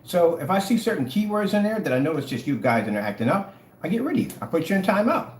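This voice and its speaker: A man's voice: high-pitched, very animated, quick pace. A man ranting to the camera, mocking and taunting his critics with dramatic swings in tone. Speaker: online product seller. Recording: echoey room, faint noise.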